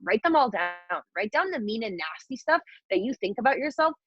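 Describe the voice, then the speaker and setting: A woman's voice: a little high, very animated, brisk, fairly bright tone, no room sound. Young woman chatting on a video call, candid, swears a lot, kinda lo-fi dry sound. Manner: chatty and candid, swears freely, acts out inner voices. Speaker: guest mentor. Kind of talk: casual motivational talk on a group call.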